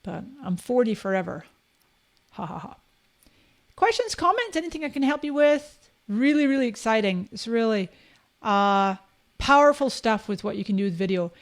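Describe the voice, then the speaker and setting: Her slightly high voice has a sing-song lilt at a moderate pace. In her fifties, Canadian with a Scottish accent, she hosts a live-streamed social media software tutorial, talking upbeat and chatty straight to viewers.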